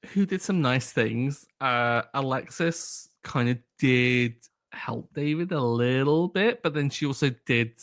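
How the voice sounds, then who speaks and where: Male co-host, middle pitch, playful and teasing, casual delivery with restarts. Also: a little slow, fairly bright tone. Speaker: podcast co-host. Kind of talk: casual chat.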